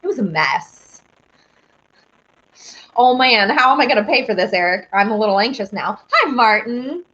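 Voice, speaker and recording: A woman's voice: medium pitch, moderate pace, long pauses. A young woman hosting a casual live stream, reading viewer comments and chatting in a bubbly, rambling way. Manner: bubbly, squeals with excitement, rambling. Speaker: live-stream host and singer. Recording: dull lo-fi stream audio.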